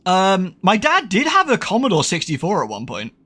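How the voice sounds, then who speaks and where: British man, game streamer, rambling casual chat, swears and laughs a lot, fairly high voice that swings up and down. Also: wildly swooping pitch, moderate pace, sharp tone, breathy edge. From United Kingdom.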